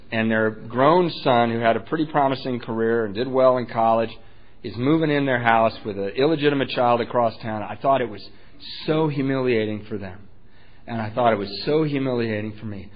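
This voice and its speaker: A man sharing a personal recovery story, candid and self-mocking, swinging between hushed and loud. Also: medium pitch, dull audio. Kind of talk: personal testimony talk.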